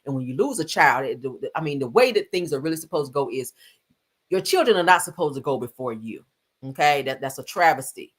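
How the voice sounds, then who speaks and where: Sassy, chatty woman with lively swings. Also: very deep voice, brisk, husky. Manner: chatty, sassy, addresses viewers as y'all and honey. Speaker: celebrity gossip streamer. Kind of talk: casual chat.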